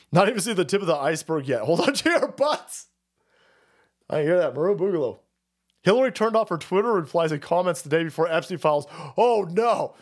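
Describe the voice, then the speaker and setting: Heated, foul-mouthed male streamer. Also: fairly high pitch. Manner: heated, profane, repetitive. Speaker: livestream host. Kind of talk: profane political rant.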